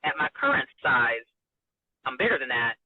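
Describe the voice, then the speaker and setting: A woman broadcaster telling a personal story in an interview, animated and emotional. She laughs often and acts out the dialogue. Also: very deep voice, normal speed, crowd noise. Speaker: radio and TV broadcaster, interview guest. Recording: dry, narrow phone-like sound.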